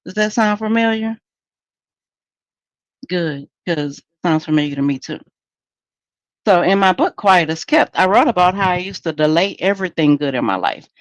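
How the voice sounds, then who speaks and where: A woman's voice: fairly low pitch, no echo, muffled recording. A woman hosting a solo podcast in a candid, conversational, preachy way. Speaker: podcast host.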